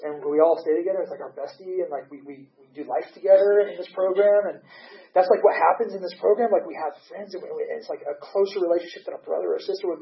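Earnest man in his 30s, recovery testimony, higher voice, muffled lo-fi sound. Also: roomy sound, a little hiss or hum. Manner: emotional, earnest, voice swings from hushed to excited. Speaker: recovering alcoholic sharing his story.

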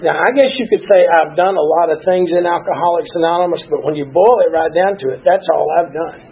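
A man's voice: fairly high pitch, a little fast, husky. A man giving a plainspoken, earnest, rambling personal share at a recovery meeting. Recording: dull lo-fi recording.

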